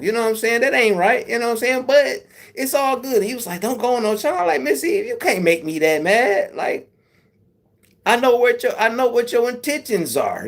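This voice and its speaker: A man talks loosely to his live chat, answering viewers by name. His voice stays easygoing and unhurried, peppered with curses and easy laughter. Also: sits high. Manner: laid-back, swearing, laughs often. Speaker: YouTube livestream host.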